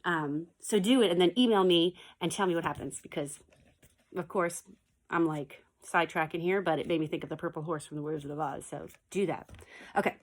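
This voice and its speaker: A woman teacher talks brisk and low in a casual video message to her pupils, with a little hiss or hum in the audio. Filming from her home basement, she chats, digresses, and reads a picture book aloud with playful animal sound effects.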